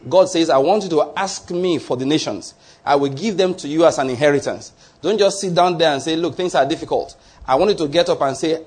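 A man's voice: on the high side, brisk, a little mellow, husky. A man preaching a sermon, emphatic and repetitive, often checking whether his listeners follow him. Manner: emphatic, repeats key lines, asks the congregation questions.

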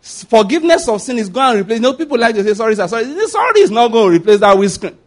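A man's voice: very high voice, sing-song, rapid-fire. A man with a Nigerian accent preaching a sermon, emphatic and rhetorical, often asking whether listeners get his point. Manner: emphatic, rhetorical, acts out quoted pleas.

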